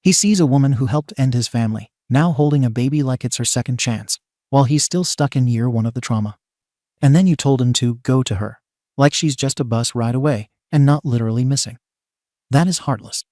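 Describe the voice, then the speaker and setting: A man narrating a story in an even, steady scripted read. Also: mid-range voice, brisk, no room sound, studio quality.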